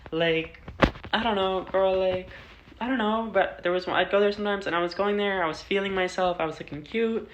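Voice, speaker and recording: Young woman vlogger, loose swearing storyteller, mid-pitched, recorded in a reverberant room. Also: a little fast, lo-fi sound, background noise. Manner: chatty, filler-heavy, swears freely. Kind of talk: casual storytime. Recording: roomy echo.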